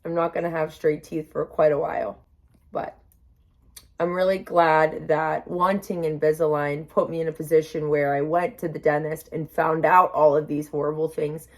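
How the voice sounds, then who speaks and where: A woman's voice: lowish voice, darkish tone. Young woman vlogger, mouth numb from the dentist, talks chatty and upbeat, reassuring herself. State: numb-mouthed after dental work, emotional. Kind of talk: casual vlog to camera.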